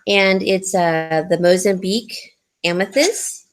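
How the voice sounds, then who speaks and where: A woman's voice: medium pitch, steady tone, slow pace. A woman hosting a live jewelry sale, chatting casually and giggling, rambling with fillers. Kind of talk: casual live-stream sales chat.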